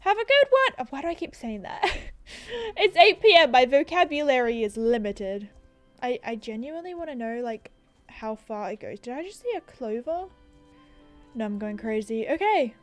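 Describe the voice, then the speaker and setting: Chatty Australian woman, lively and high. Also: moderate pace, soft background music. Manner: chatty, self-deprecating, laughs often. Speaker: gaming YouTuber. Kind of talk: casual gameplay commentary. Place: apartment room. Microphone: desk microphone.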